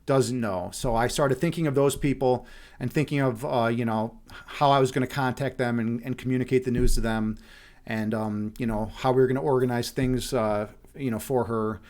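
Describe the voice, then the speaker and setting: A man's voice: medium pitch, fairly even intonation, moderate pace, darkish tone. A young man from Chicago chatting casually on his live stream, rambling with many restarts and fillers and the odd swear word. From Chicago, USA. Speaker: streamer, meditation host.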